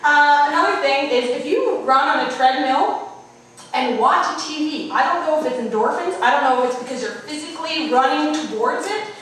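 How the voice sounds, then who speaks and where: A woman in her twenties from Prince Edward Island, Canada, doing a self-mocking, deadpan stand-up set on a small bar stage. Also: high-pitched, a little fast. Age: 20s. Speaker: stand-up comic. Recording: echoey bar room from far off.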